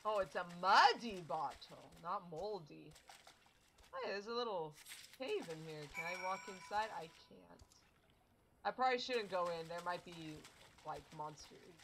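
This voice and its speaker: A woman's voice: lowish voice, sing-song, unhurried, noisy background. A young woman casually commenting on a game as she plays, rambling and chatty. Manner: rambling, chatty, self-interrupting. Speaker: let's play streamer.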